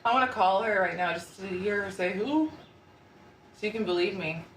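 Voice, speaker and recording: A woman's voice: mid-range voice, fast talker. A young woman hosting a podcast, telling a gossipy story in casual chat and filling her speech with "like.". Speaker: podcast host. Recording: echoey room, far from mic, noisy.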